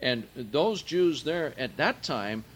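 A man leading a verse-by-verse Bible study, speaking deliberately and swelling loud and emphatic when he quotes scripture. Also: mid-range voice, expressive, breathy edge. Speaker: Bible teacher.

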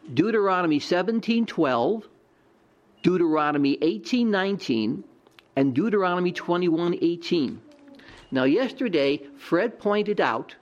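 A man's voice: fairly high pitch, lo-fi sound. A man teaching a Bible lesson as a sermon, asking his audience rhetorical questions.

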